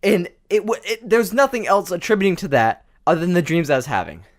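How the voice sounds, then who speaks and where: A man's voice: high-pitched, lively intonation, quick pace. A young man talks into a close microphone as podcast co-host, his voice rising and falling a lot. He stumbles, restarts sentences and laughs often. The chat is loose and casual.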